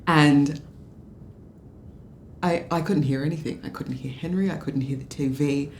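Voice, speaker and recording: A woman's voice: sits low, measured pace, darkish tone, reverberant, a little hiss or hum. An actress playing a drunk Australian political media adviser, bitter and sarcastic as she rambles through a story. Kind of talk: film drama dialogue.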